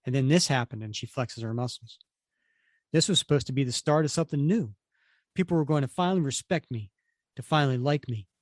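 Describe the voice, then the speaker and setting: A man's voice: medium pitch, fairly quick, dry recording, studio quality, lightly acted. A man voicing an insecure young female hero who was once a model, confessing in a self-pitying way.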